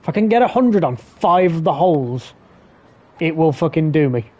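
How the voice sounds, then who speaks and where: A man commentating his own video game play on a live stream, swearing often and getting excitable. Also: on the high side, moderate pace. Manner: sweary, excitable, talks to himself while playing.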